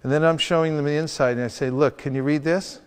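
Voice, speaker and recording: A sales trainer with a fairly high, steady, clean-toned voice talks fast as he leads a group through a hands-on training session. He playfully acts out street encounters to demonstrate his points. The recording carries the long reverb of a hall.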